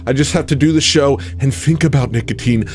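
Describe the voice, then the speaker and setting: Speaking a little fast in a mid-range voice, this man hosts a livestream. His rambling comic monologue pokes fun at himself, with theatrical flair and abrupt bursts of yelling.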